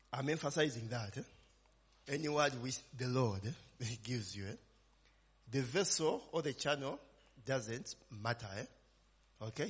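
This preacher has a mid-range, slightly rough voice. His informal sermon is conversational, peppered with "eh?" and "amen?" tags and call-and-response questions to the congregation, and the recording carries long reverb.

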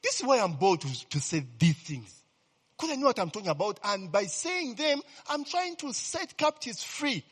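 A man preaching with a lively, swinging delivery, his voice sitting a bit higher than most and carrying a husky edge. He keeps asking his listeners whether they follow. The sound rings out with a long hall reverb. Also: moderate pace. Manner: animated, repeatedly asks "you understand, eh?". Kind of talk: sermon.

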